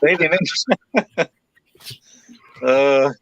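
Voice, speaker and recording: A man's voice: fairly high pitch, very slow, a bit bright, no room sound, dull audio. A man chatting as a podcast guest, hesitant with many fillers and giggles. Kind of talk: casual podcast chat.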